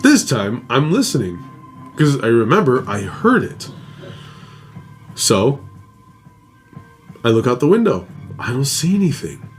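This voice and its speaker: A man's voice: mid-range voice, very animated, a little slow, pauses often, faint music behind. A man hosting a show, reading a listener's ghost story aloud in a casual, dramatic way with his own asides. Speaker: host.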